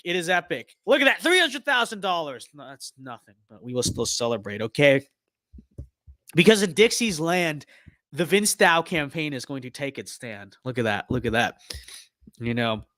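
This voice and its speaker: A man's voice: a little high, a bit bright, no room sound, clean studio sound. Ironic young man streaming a game. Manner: mock-political bluster, ironic, repeats catchphrases. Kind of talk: casual gameplay commentary.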